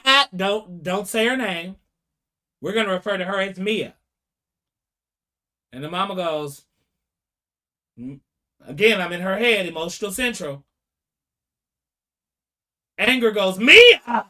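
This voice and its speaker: A man's voice: high voice, measured pace, pauses often. A man giving casual, dramatic commentary, talking straight to his viewers and acting out the people he quotes. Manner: animated and dramatic, acts out quotes, talks to viewers directly. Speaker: commentary vlogger. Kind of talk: casual commentary retelling court testimony.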